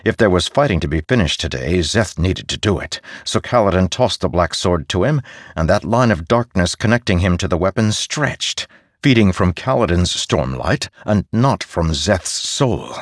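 A man narrating a fantasy audiobook in an expressive storytelling way, close to a studio mic. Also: sits low, moderate pace, no echo.

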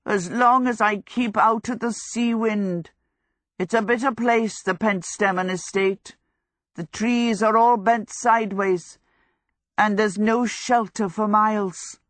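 A woman putting on a croaking, self-pitying young wizard. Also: medium pitch, steady tone, slow, no room sound, clean studio sound, pitched above the performer's own voice, close to an everyday voice. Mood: theatrical. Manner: croaking, theatrical, plays for sympathy. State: hoarse with a cold.

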